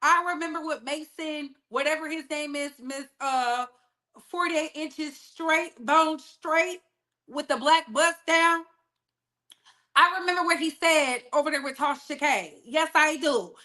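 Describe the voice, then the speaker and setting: Sassy high-voiced woman streaming. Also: a little slow, bright, forceful tone. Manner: sassy, blunt, talks straight to viewers. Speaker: online commentary host. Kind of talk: live-stream gossip commentary.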